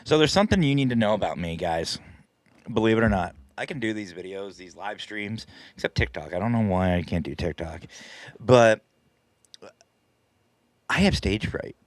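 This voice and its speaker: A man's voice: fairly low pitch, expressive, normal speed, long pauses, no room sound. A man hosting a live stream, casually telling a story in a chatty, self-deprecating way and laughing often. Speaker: paranormal team leader and live stream host.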